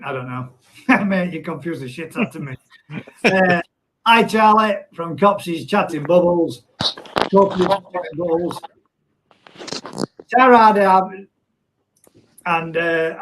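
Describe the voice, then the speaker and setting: A man's voice: a little high, a bit bright, slight background noise, poor audio. A middle-aged man hosting a casual live stream from home, reading viewer comments aloud and laughing often.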